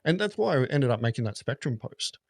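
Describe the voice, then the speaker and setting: A man's voice: mid-range voice, brisk, gravelly, dry recording, studio quality. A man, a gaming content creator, rambling and swearing in a casual podcast chat. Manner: rambling, profane, animated.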